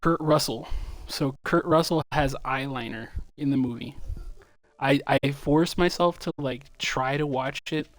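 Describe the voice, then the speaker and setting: A man's voice: medium pitch, unhurried, dry recording. Young man, casual streamer chat, profane storytelling, dry close sound.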